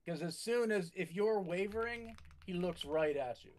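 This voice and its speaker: A man narrating a tabletop game as its game master, measured and halting, with frequent restarts. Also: high voice, expressive, a little mellow, slight background noise.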